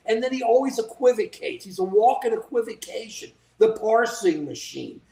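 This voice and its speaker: Livestream political co-host, indignant and animated, average pitch, roomy echoey sound. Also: normal speed, gravelly, hardly any pauses. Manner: indignant, animated, mimics politicians in quoted asides. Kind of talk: casual political commentary. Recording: echoey room.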